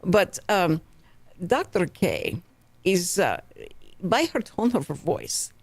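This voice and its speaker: Woman, Texan accent, radio talk host, chatty, animated pitch, dry studio. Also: takes it slowly, dry recording. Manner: chatty, animated storytelling with laughs. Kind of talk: casual radio chat. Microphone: studio microphone.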